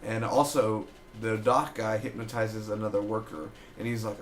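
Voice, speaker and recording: A man giving a loose, chatty review of a TV episode, retelling scenes with quick quoted asides. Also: fairly low pitch, fairly even intonation, echoey room, a little hiss or hum. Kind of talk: casual solo review.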